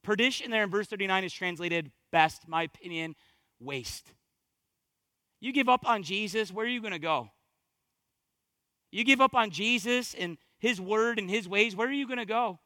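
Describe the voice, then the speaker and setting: A man preaching a sermon as pastor, swinging from hushed, low passages to fervent, building exhortation and repeating phrases for emphasis. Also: normal speed, dry recording.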